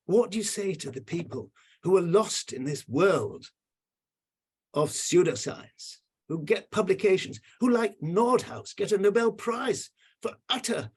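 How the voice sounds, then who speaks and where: A man's voice: sits high, animated, measured pace, slightly rough. An older man on a video call giving emotional, indignant remarks with emphatic repetition. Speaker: panel commenter.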